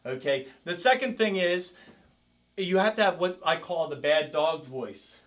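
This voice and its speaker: A man's voice: fairly high pitch, lively intonation, a little slow, a bit bright. A man teaching a self-defense class as karate instructor, coaching a group with energy and calling out drills. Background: group of participants.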